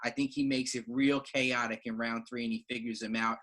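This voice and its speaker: A man co-hosting a podcast in a casual sports chat. His voice sounds bright and forceful. He talks with loose enthusiasm, repeating himself and dropping slang. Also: mid-range voice, little pitch movement, a little fast. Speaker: podcast co-host.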